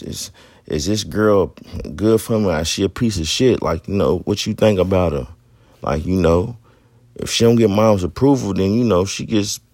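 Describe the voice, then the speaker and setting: A man's voice: low voice, a little mellow, no room sound, studio quality. A man in his thirties hosting a podcast, telling his own story in blunt, profane street talk. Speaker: podcast host. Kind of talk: candid personal monologue.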